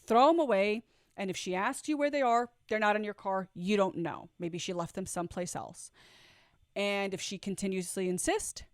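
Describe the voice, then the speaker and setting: A woman with a deep voice tells a personal story, candid and reflective, acting out what people said. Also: moderate pace, dry recording, clean studio sound. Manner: candid, reflective, acts out quoted dialogue. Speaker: vlogger telling her own story. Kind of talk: storytime vlog.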